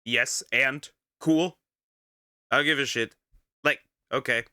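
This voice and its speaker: Blunt, bright-voiced man ranting. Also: medium pitch, slow pace, clear, resonant tone, no echo, studio quality. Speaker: VTuber reaction streamer. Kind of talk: casual reaction commentary.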